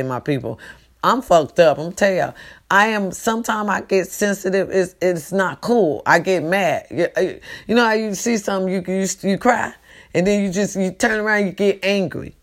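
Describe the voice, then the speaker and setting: A woman talking to her followers in an emphatic late-night monologue, repeating herself and calling out to them, recorded at home. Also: on the low side. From California. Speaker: vlogger.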